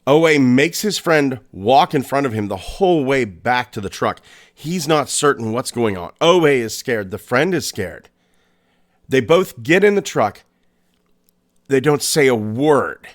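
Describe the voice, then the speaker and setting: A man hosting a podcast, narrating a scary story in a suspenseful way, with pauses and restarts. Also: medium pitch, lively intonation. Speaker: podcast host.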